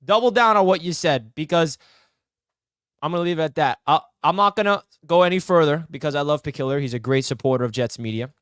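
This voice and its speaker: A man's voice: a little high, a little fast, fairly bright tone, smooth, no echo, studio quality. A young man hosting a live sports talk stream, fired up and emphatic as he banters with fans. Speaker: sports channel host.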